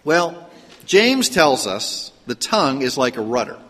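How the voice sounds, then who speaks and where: This man, a pastor from Pittsburgh, Pennsylvania, carries a slight Pittsburgh accent as he delivers a conversational sermon in a church sanctuary, restarting often and asking rhetorical questions. His medium-pitched, husky, somewhat bright voice swings widely in pitch, moves a little slowly, and trails off in long reverb.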